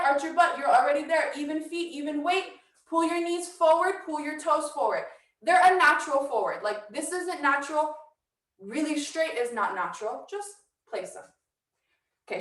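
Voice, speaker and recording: Breathless high-voiced dance teacher. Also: female voice, a bit bright, roomy sound, far from the mic, low-quality recording. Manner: brisk coaching with counted cues. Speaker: dance instructor. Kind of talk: online dance workshop instruction. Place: house.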